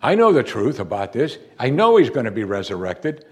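Lively, animated male preacher. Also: fairly quick. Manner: expressive, acts out quoted lines with big pitch swings. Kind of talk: sermon.

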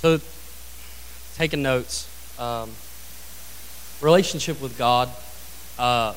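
A man's voice: medium pitch, takes it slowly, a little hiss or hum. A man answering in a church discussion group, hesitant and thinking aloud with many fillers. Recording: reverberant hall.

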